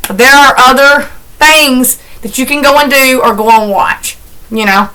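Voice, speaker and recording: A woman's voice: sits high, moderate pace, pushed and bright, rough recording. A middle-aged woman, chatting in a heartfelt, rambling, folksy way as she does chores for her vlog. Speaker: vlogger. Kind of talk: casual chat while doing chores.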